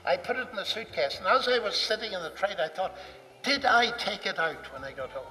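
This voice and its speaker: A man with a higher-than-usual voice recounts a personal anecdote, lively and acting out each exchange. He sounds set back from the microphone, with a long echo trailing his words around a large hall. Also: brisk. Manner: animated, acts out dialogue. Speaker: speaker recounting a personal story. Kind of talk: anecdotal storytelling talk. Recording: distant mic in a reverberant hall.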